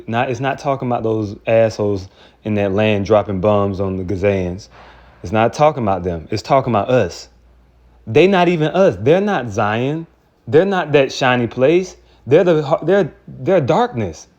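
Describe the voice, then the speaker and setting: This street preacher's voice is on the low side and a little mellow, and he speaks unhurriedly. Even so, his preaching is a heated, profane rant, often looping back to repeat and restart words, captured in a dull lo-fi recording.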